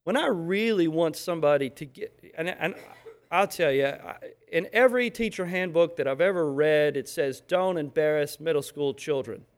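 A man with a high-pitched voice preaching a sermon. He speaks emphatically and with animation, now and then acting out little scenes to make his point. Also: animated, normal speed.

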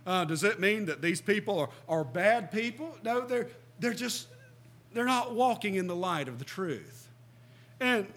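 A man's voice: sits high, fairly bright tone. A middle-aged man preaching a sermon, earnest and emphatic, who reads scripture aloud and asks his listeners questions.

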